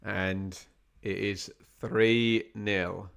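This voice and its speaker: A man's voice: fairly low pitch, drawn-out words, creaky, smooth. A man doing chatty live commentary on a football match for a watch-along stream. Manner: chatty, wry asides, gets excited at chances.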